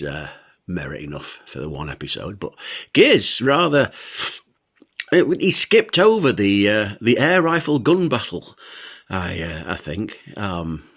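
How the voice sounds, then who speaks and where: A man's voice: lowish voice, fairly bright tone. An older man, a show host, telling a childhood story and laughing as he goes. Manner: amused, laughs between lines.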